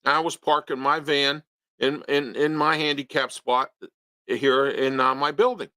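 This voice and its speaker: A man's voice: fairly high pitch, bright, forceful tone, no room sound. A man hosting an opinion talk show in a studio, ranting with rhetorical questions and repeating himself.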